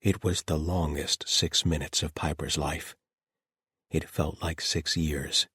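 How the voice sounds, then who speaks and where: Low, husky male narrator reading fantasy, dry close mic, steady delivery. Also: slow, no echo. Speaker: audiobook narrator. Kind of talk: scripted audiobook narration.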